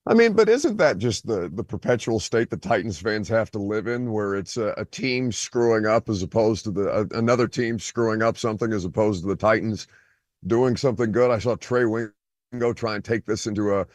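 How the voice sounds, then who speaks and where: A man's voice: on the low side, moderate pace, darkish tone, dry recording, studio quality. A man hosting a sports radio show, calling in over a video call from a beach on vacation, teasing and mock-indignant. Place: outdoors by a beach.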